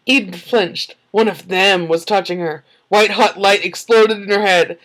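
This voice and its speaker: A woman's voice: medium pitch, moderate pace, hardly any pauses, a bit bright, low-quality recording. A woman reading a book aloud in a casual way and breaking off for sarcastic, giggly commentary. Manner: snarky, sarcastic asides; giggles often.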